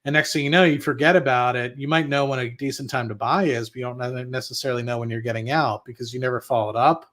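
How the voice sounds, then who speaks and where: An investing channel host runs a casual livestream, reading and answering viewer chat while rambling bluntly, swearing often and restarting his sentences. His medium-pitched voice is fairly bright with fairly even intonation, and he talks quickly with hardly any pauses.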